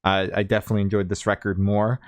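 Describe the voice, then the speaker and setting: A man's voice: fairly low pitch, little pitch movement, quick pace. A man co-hosting a music podcast, chatting casually about new albums, laid-back and swearing freely with lots of fillers and restarts. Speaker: podcast co-host. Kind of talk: casual music review chat.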